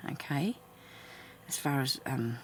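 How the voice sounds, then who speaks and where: A woman who makes craft videos, chatting casually to herself while she sews and mumbling, with her voice often dropping into soft half-whispers. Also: rumbling low, expressive, takes it slowly, slight background noise. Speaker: craft vlogger. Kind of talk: casual talk while stitching.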